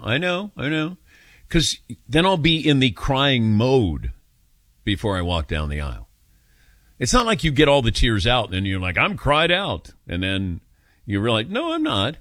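An older man hosts a radio call-in show and chats in a casual, self-mocking way. His pitch rises and falls a lot as he tells stories. The studio mic sounds close and dry. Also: sing-song, moderate pace, a bit bright, no room sound. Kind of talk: casual radio talk with callers.

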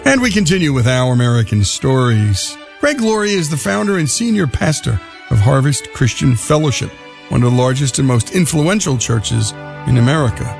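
A man's voice: mid-range voice, sing-song, moderate pace, vocal fry, music in the background. A male radio show host reading a scripted introduction of a guest in a lilting announcer style.

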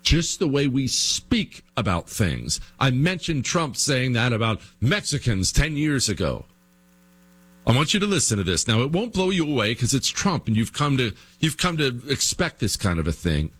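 A man's voice: mid-range voice, big pitch swings, normal speed, a bit bright, breathy edge. Emphatic male radio talk host. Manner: emphatic, repetitive, addresses listeners directly. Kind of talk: political talk show monologue.

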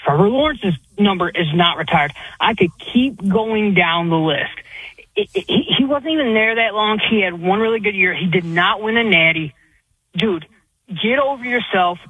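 A man's voice: high voice, lively intonation, normal speed, sharp tone, slightly rough, dry recording. A man calling in to a sports radio show, emphatic and repeating himself as he argues. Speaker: caller. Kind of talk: call-in sports radio opinions. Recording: phone line.

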